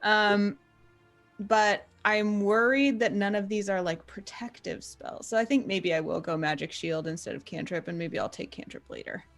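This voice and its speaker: A woman's voice: medium pitch, moderate pace, soft background music. A woman playing a tabletop game, thinking aloud and reading rules out in a casual way. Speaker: player.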